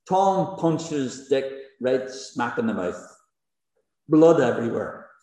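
Preaching a sermon to a congregation in a large church hall, a male pastor speaks emphatically, using rhetorical questions and repeated phrases. His voice is a little high and a little mellow, and the hall is echoey with a long reverb.

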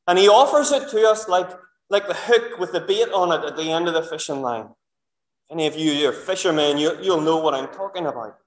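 Earnest preacher. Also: male voice, on the high side. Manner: earnest, asks the congregation rhetorical questions. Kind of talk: sermon. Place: church. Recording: echoey church room.

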